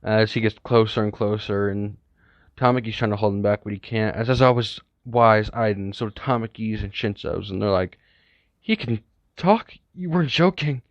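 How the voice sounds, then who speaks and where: A man's voice: on the low side, fairly even intonation, normal speed, no room sound. A man casually narrating an improvised fan story, rambling and correcting himself with many asides. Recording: dull, lo-fi, dry recording.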